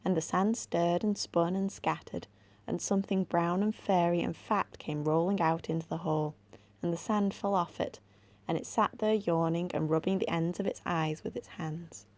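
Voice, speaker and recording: A woman with an English accent, a library assistant, reading a children's storybook aloud at a gentle, measured pace. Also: fairly low pitch, fairly even intonation.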